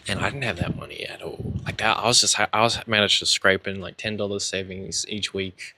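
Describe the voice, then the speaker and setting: A man's voice: on the low side, steady tone, a little fast, pushed and bright. A young man telling his own story in a casual, rambling way, candid, with lots of fillers and swearing.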